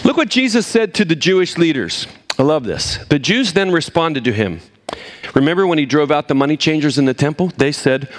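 A man preaching a sermon, animated, swinging between emphatic points and low, quiet asides. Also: brisk. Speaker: pastor.

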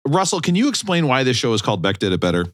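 Lively, sarcastic male podcast host. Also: mid-range voice, very fast, no room sound, clean studio sound. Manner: sarcastic, mock-outraged, joking. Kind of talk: casual podcast banter.

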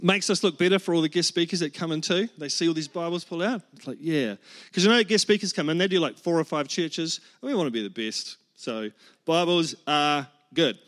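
A man's voice: fairly high pitch, fairly quick, fairly bright tone. A man, preaching a humorous sermon and telling stories with acted-out quotes. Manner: joking, storytelling with acted-out quotes. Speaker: pastor.

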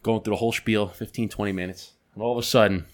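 A man co-hosting a podcast, telling a work story in casual chat, acting out the people in it and swearing freely. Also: lowish voice. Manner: fast, animated, acts out quoted people, swears a lot. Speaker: podcast co-host.

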